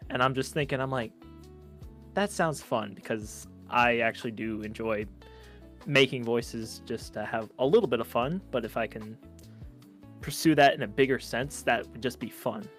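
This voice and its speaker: A man's voice: medium pitch, normal speed, a bit bright, soft background music. A man being interviewed as a guest on a podcast, talking casually in a modest, slightly hesitant way. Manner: modest, a bit hesitant, with restarts. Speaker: guest, aspiring voice actor.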